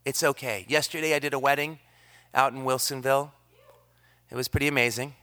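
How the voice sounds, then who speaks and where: A man preaching a sermon on a church microphone, energetic and earnest, swinging from loud emphasis down to hushed, almost whispered lines. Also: mid-range voice, brisk. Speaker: pastor. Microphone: handheld or stand microphone.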